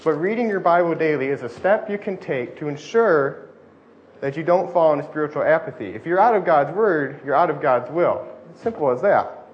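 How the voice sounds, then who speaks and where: Fast-talking young man preaching. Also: fairly high pitch, lively intonation. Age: young adult. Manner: fast-talking, self-deprecating. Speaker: student preacher. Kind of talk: sermon. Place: church hall with air conditioning. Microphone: lapel mic. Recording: dull lo-fi audio with faint hum. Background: faint air conditioning hum.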